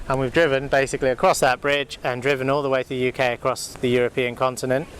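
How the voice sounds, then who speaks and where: A man's voice: medium pitch, level tone, fast, a bit bright, slight background noise, poor audio. A man giving casual, rambling commentary outdoors while flying a drone, with lots of fillers and restarts. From United Kingdom. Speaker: drone vlogger. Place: outdoors by a river.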